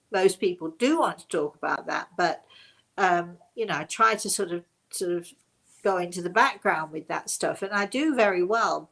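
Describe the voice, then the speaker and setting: An older woman hosting a casual chat for her webinar audience, rambling warmly with many restarts and bursts of laughter. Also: mid-range voice. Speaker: host.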